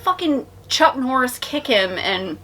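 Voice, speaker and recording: A woman's voice: high voice, very animated, measured pace, pushed and bright. A tipsy woman co-hosting a casual movie review, retelling the plot in a rambling, profane way. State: tipsy from drinking.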